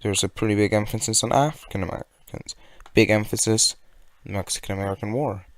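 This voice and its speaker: A man's voice: lowish voice, quick pace, no echo. A young man from California giving a sarcastic, rambling commentary rant. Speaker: video commentator. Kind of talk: ranting commentary.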